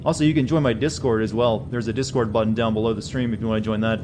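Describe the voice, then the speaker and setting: A man's voice: lowish voice, fast. A man from the southern US who chats casually with viewers as a streamer, rambling and using many fillers. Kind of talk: casual gameplay chat. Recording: steady background hiss.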